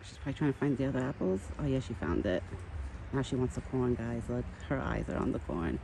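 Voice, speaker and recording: Chatty woman vlogging outdoors, gravelly voice. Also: a bass voice, animated, a little fast, warm tone, a little hiss or hum. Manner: chatty, affectionate, many "like"s. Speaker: vlogger caring for a pet deer. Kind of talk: casual outdoor vlog chat. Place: outdoors in a backyard.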